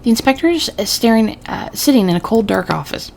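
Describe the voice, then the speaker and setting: A woman's voice: fairly high pitch, brisk, creaky. Woman gamer reading game narration. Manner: narrating, casual. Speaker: let's-play gamer. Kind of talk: reading game text aloud. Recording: steady background noise.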